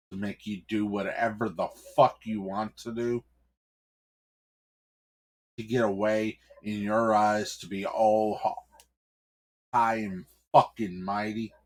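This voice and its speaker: A man voicing a furious husband who swears through venomous rants against the clergy. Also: fairly low pitch. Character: furious man defending his kidnapped wife.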